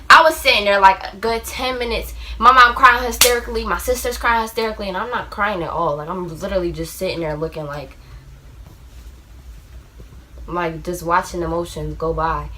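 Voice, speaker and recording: A young woman with a bright, forceful voice tells a story from her own life in a loose, rambling way. She leans on "like" constantly and jumps into loud acted-out quotes of the people in it. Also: mid-range voice, a little hiss or hum. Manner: rambling, heavy use of "like", acts out shouted quotes. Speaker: vlogger. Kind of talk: storytime vlog, casual retelling.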